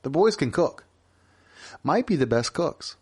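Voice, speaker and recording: A man's voice: on the high side, sing-song, a little slow, darkish tone, husky. Man joking through casual podcast chat. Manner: joking, rambling, lots of restarts. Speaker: podcast co-host.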